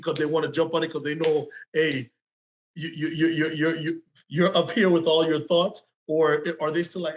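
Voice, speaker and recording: A man from Jamaica co-hosts a relaxed interview. His voice sits fairly high, and he asks long, winding questions in a playful tone. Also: normal speed. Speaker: co-host. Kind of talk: casual interview talk.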